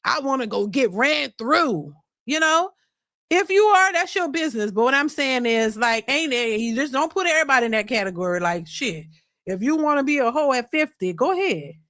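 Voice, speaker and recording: Hosting a casual reaction commentary, a woman rants emphatically and profanely, frequently stumbling and repeating words. Her high, bright voice has lively intonation and a brisk pace, and the recording is dry and close with no echo.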